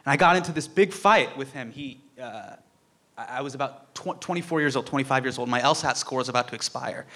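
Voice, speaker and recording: A man's voice: mid-range voice, brisk, bright, forceful tone. A young man giving a heartfelt tribute speech, telling a personal story and acting out the quotes.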